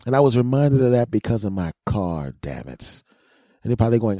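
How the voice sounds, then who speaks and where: Deep-voiced man ranting comically. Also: a little fast, dry recording, clean studio sound. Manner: whiny, self-mocking, animated storytelling. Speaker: podcast host. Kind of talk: comic monologue.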